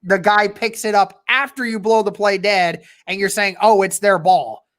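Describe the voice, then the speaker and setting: A fan host calling a football game play by play on a casual livestream, measured and often restarting sentences. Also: mid-range voice, steady tone, a bit bright.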